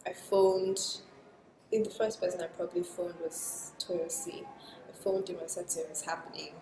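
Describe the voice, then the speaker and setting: A woman in casual podcast chat, telling a personal story in a soft, reflective way that trails into quiet asides. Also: on the low side, steady tone, normal speed, noisy background. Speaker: guest sharing a personal story. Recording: roomy with long reverb.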